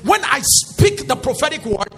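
A male pastor preaching a sermon in call-and-response style, rising to shouts. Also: very high-pitched, big pitch swings, moderate pace, gravelly. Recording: echoey hall with faint music.

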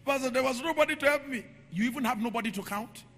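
A man preaching a sermon in a church hall, moving from quiet storytelling to shouted, sing-song declarations. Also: very high voice, fast. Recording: echoey hall with music behind.

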